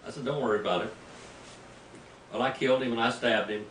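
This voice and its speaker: An older male pastor spins a folksy story from the pulpit, his voice jumping into loud outbursts. He stands away from the mic in a roomy space, with a faint hum of noise behind him. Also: mid-range voice, fast talker, recorded from a distance. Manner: folksy, animated storytelling with sudden loud bursts. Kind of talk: storytelling sermon. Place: mission field, preaching to a group.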